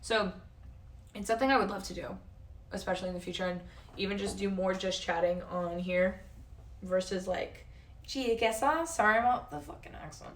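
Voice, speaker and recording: A woman's voice: medium pitch, fairly even intonation, brisk, recorded from a distance. Young woman, streamer, rambling chat full of swearing and filler "like", voice worn thin, set back from the mic. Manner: chatty, swears a lot, says "like" constantly. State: losing her voice. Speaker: livestreamer.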